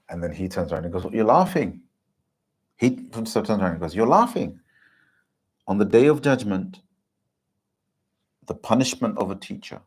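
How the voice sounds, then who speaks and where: A man giving an earnest, impassioned religious talk to a gathering, often pausing to ask if listeners understand. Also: deep voice, a little mellow, slightly rough. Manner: earnest, keeps asking "do you understand?". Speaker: Islamic teacher giving a talk.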